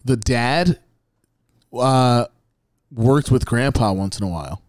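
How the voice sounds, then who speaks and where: A man's voice: medium pitch, slow, darkish tone, no room sound. Young new guy hosting a podcast, chill storyteller, super dry close mic. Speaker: podcast host. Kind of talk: casual family chat.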